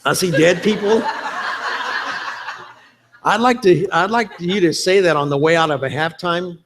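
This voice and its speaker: A man's voice: sits high, expressive, fairly quick, a bit bright, slight background noise. A man giving a chatty, joking conference presentation, quoting movie lines for laughs. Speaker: conference speaker.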